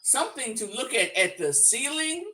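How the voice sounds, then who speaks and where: A woman's voice: high voice, very animated, moderate pace, sharp tone. Woman guest telling a story, wry and chatty, sounds far from her mic. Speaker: guest on a live stream. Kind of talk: casual storytelling chat.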